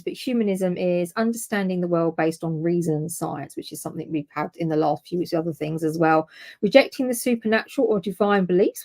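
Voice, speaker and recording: A woman's voice: medium pitch, mellow. A woman co-hosting a history podcast, talking through her notes in a chatty, informal way and often correcting herself. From United Kingdom. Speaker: podcast co-host presenting the topic. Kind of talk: casual history podcast chat.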